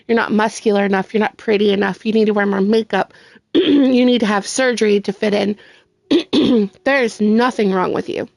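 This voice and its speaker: A woman's voice: on the high side, gravelly, darkish tone, no room sound. A woman gaming streamer giving earnest, heartfelt encouragement to her viewers. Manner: earnest, sincere, with faith talk.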